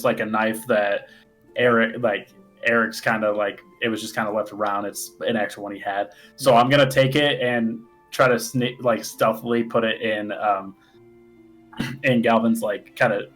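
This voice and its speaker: A man's voice: medium pitch, moderate pace, fairly bright tone, soft background music, rough recording. A man playing a tabletop game, describing his character's actions in a casual, rambling way. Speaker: player.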